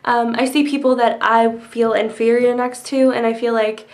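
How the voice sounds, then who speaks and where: A woman's voice: a little high, flat delivery, moderate pace, darkish tone. A young woman in her twenties answering tag questions in a casual, chatty way, with many ums and likes, and the hiccups. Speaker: vlogger.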